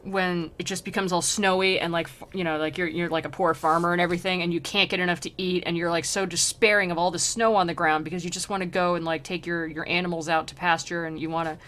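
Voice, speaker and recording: A woman's voice: fairly low pitch, little pitch movement, fast, hardly any pauses, a bit bright, natural voice. A woman voicing a fretful young male poet who gushes eagerly about his feelings, in a casual storytelling reading. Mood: earnest.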